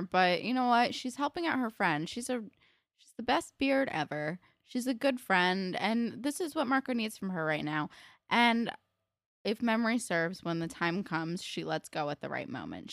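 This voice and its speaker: A young woman co-hosting a casual chat, giving relaxed, opinionated takes with frequent "um" and "you know". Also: mid-range voice, no room sound, studio quality. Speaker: podcast co-host. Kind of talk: casual chat recapping a TV episode.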